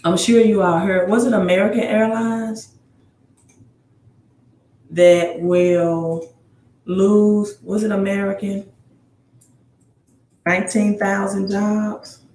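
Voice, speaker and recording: A man's voice: sits high, little pitch movement, takes it slowly, pauses often, darkish tone. A man hosting a casual livestream on credit advice. He greets viewers by city, reads their comments aloud and reads news items aloud, often adding "right?", and he sounds tired. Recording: roomy room with faint ambience.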